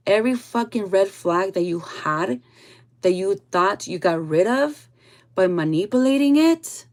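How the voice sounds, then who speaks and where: A tarot reader offers her viewers a casual spiritual reading, blunt and laced with swearing. She frequently trails off, going soft and low.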